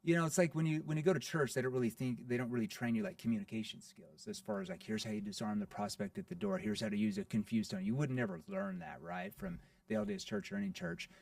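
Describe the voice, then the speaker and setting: Man, quick and gravelly, animated sales coach on a podcast, mic a little far in a dry room. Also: fairly high pitch, no room sound. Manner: animated, acts out playful sales lines. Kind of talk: podcast interview.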